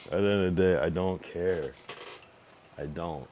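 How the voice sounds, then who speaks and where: A man's voice: low voice, normal speed, long pauses, darkish tone, a little hiss or hum. A young man streaming, talking casually in a blunt, profane, rambling way with many restarts. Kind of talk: casual livestream monologue.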